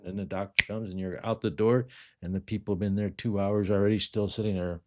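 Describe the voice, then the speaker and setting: A middle-aged man who sells fragrances, chatting casually on a livestream and rambling through viewer questions with many quiet asides. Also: on the low side, steady tone, brisk. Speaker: fragrance seller answering live chat.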